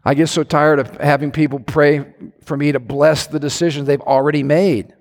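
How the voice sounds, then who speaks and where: A man preaching a sermon as a pastor, animated, with sudden shouts and playful impressions. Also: on the high side, moderate pace. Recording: long church hall reverb.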